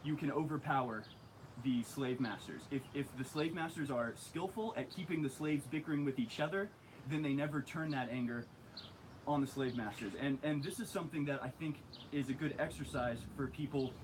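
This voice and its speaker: A man's voice: mid-range voice, background noise. A man giving casual studio commentary, explaining things earnestly and steadily, with lots of fillers.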